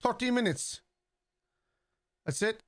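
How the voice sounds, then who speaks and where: A man's voice: high-pitched, lively intonation, slow pace, fairly bright tone, no room sound, clean studio sound. A man with a Scouse accent, hosting a football watchalong live stream, reading viewers' chat aloud and answering it in a casual, chatty way.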